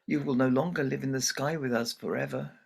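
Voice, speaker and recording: A man voicing a gentle, hesitant moon father in a told folktale. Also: medium pitch, steady tone, brisk, gravelly, slightly rough. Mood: pleading. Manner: soft, hesitant, pleading.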